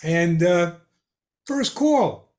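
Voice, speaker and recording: An older man, a guest on a hobby podcast, tells casual anecdotes with an animated, chuckling delivery. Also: high voice, very slow. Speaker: guest ham radio expert. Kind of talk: casual storytelling in a podcast chat.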